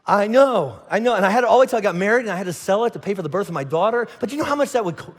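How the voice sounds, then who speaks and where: A middle-aged man preaching a sermon, telling stories with animated asides and frequent restarts, in a large church auditorium. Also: high-pitched, racing. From Indiana. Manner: animated storytelling with lots of restarts and acted asides. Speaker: pastor. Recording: long hall reverb.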